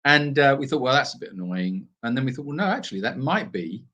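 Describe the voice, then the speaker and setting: A man's voice: medium pitch, sing-song, fast talker, sharp tone. A British man co-hosting a casual live Q&A from an animal sanctuary, rambling with plenty of fillers and restarts. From Britain. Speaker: sanctuary co-host.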